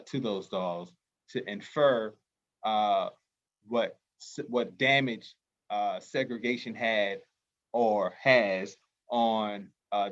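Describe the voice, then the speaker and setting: A man who hosts a community festival, leading a call-and-response chant with quiet answers, then speaking with earnest passion and many fillers. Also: lowish voice, muffled recording. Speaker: festival organizer and host. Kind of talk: libation call-and-response, then heartfelt talk.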